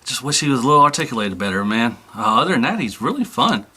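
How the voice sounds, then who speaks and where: A man's voice: medium pitch, big pitch swings, quick pace, bright, forceful tone. Easygoing man rambling through a toy review. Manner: easygoing, rambling, full of "you know" fillers.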